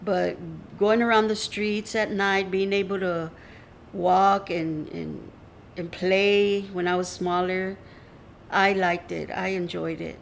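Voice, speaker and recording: An older woman from Houston's North Side shares memories with warm feeling. Her voice has a gravelly, creaky texture. She speaks reflectively and gets emotional about family. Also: fairly low pitch, level tone, takes it slowly, a little hiss or hum. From North Side of Houston, USA. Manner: reflective, emotional, fond storytelling. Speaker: interviewee. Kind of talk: personal oral-history account.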